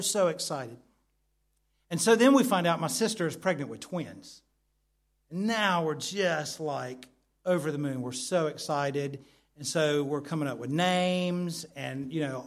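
A man with a slightly higher voice delivers a sermon as a heartfelt story. He talks conversationally, with fillers and restarts, and lets his main points fall soft and quiet. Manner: storytelling, soft intimate drops at key lines. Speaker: preacher.

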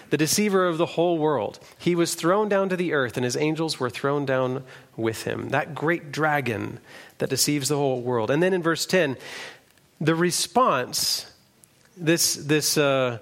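A man's voice: fairly high pitch, fairly bright tone. A man preaching a sermon, reading scripture aloud in an earnest way with the odd restart.

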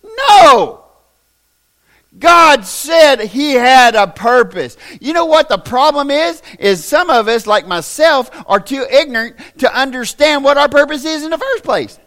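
A man with a Southern American accent preaching a sermon as pastor, plain-spoken and folksy, swinging from shouting to hushed asides. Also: extremely high pitch, animated, a little slow.

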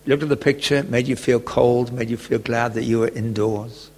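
Gravelly male preacher in an echoey hall. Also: medium pitch, fairly even intonation, brisk. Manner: gentle storytelling, chuckles often. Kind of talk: sermon with personal story. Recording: long echoey reverb.

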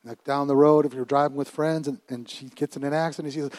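Preaching with animation and frequent laughs, a middle-aged pastor shifts from a hush to loud bursts and repeats himself often. He talks fast in a voice on the high side, with no echo.

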